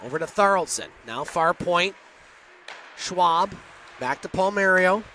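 Bright, high-voiced man calling hockey. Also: lively intonation, slight background noise. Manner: rapid, clipped play calls with chatty asides. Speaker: play-by-play announcer. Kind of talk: hockey play-by-play commentary.

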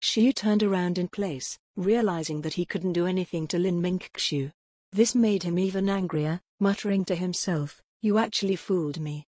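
A woman reads a novel aloud in an even, measured storybook delivery. Her voice is husky and rather low, and the recording is close and dry with no room sound. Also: dry recording. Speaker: audiobook narrator. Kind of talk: scripted narration.

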